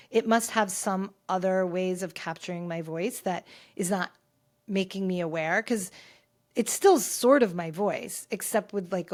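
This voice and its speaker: A woman hosting a pop culture podcast, talking candidly and rambling through her thoughts with frequent restarts. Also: medium pitch. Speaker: podcast host. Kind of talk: casual pop culture chat. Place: home filming set.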